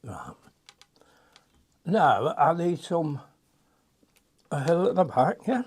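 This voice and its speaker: A man's voice: on the high side, big pitch swings, slow pace, a little mellow, breathy edge. An older man, chatting and muttering to himself as he demonstrates a watercolour painting.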